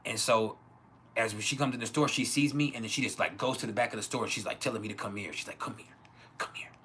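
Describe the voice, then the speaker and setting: Host telling raw stories on a live stream, slightly low and bright, faint room noise. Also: male voice, fast. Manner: crude, laughing often, acts out quoted voices. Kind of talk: casual storytelling. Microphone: home livestream mic.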